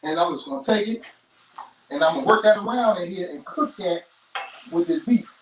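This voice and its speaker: A man's voice: high voice, expressive, a little fast, a bit bright, distant mic, a little hiss or hum. A man hosting a live cooking show, talking folksy and chatty straight to his viewers. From Chicago. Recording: roomy kitchen, off-mic.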